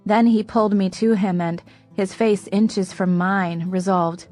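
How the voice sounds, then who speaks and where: A woman narrating an audiobook in first person, measured and soft-spoken. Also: medium pitch, fairly even intonation, faint music behind.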